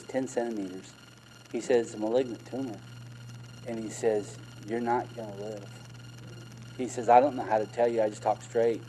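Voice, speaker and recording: A middle-aged man preaching a personal testimony from the pulpit, with a voice of ordinary pitch. He retells conversations with emphatic repetition. A faint hum sits under the recording. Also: warm tone, poor audio. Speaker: minister. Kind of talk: testimony sermon.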